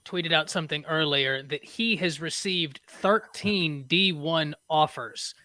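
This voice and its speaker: A man's voice: on the high side, slow pace, bright, forceful tone, dry recording. A man co-hosting a casual sports talk show, reading stats aloud and correcting himself. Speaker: co-host.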